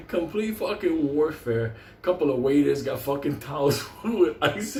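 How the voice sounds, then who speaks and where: A man telling a wild story in a profane, animated way, laughing often. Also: on the high side, slow, slight background noise. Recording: roomy echo, faint ambience.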